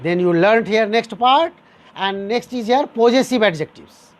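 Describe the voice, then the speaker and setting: A man's voice: high voice, measured pace. A man teaching a grammar lesson, repeating each example sentence and explaining it step by step to his dear students. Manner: addresses listeners as dear students.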